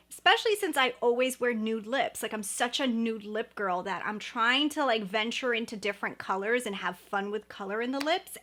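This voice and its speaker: A woman's voice: on the high side, fairly bright tone. A young woman chatting enthusiastically to camera as a beauty vlogger, recorded indoors at home on a camera mic, often repeating words for emphasis. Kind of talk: casual product review to camera.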